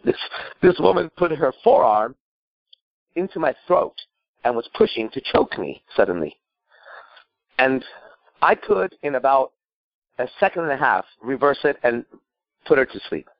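A man's voice: mid-range voice, dry recording, muffled recording. A man working as a dating coach, answering a caller's question with emphatic, profane storytelling.

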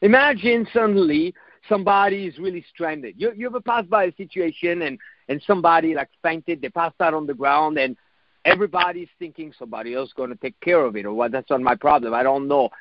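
A man with a high voice gives a reflective motivational talk, coaching his listeners. He repeats phrases and swears now and then. The recording is dry and a little dull. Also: expressive, brisk, no echo. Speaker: self-help speaker.

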